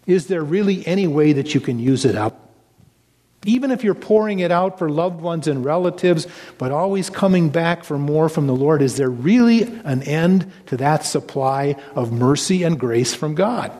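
Pastor preaching in a reverberant hall. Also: male voice, fairly high pitch, expressive, normal speed, mellow. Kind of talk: sermon.

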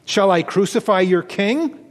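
A preacher reading as a stern Roman governor. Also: male voice, high voice, animated, unhurried, voice pushed up. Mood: questioning. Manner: pressing, incredulous questions. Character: stern male Roman governor questioning a prisoner. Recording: long reverb of a church hall.

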